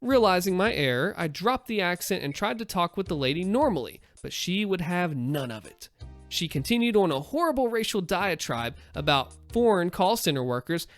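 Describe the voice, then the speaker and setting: Wry, lively male story narrator. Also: sits high. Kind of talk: reading internet stories aloud.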